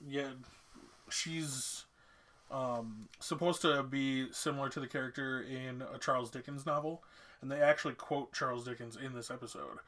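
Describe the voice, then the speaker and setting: A man's voice: mid-range voice, moderate pace, fairly bright tone. A man co-hosting a casual fan chat, eagerly sharing trivia with plenty of "um" and "like". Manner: eager, many fillers like "um" and "like". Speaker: podcast co-host.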